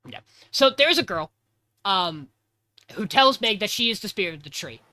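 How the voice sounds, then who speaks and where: Man, podcast host, animated recap, bright voice. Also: sits high, normal speed, no room sound. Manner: animated, acts out character lines. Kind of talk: casual chat recapping an anime episode.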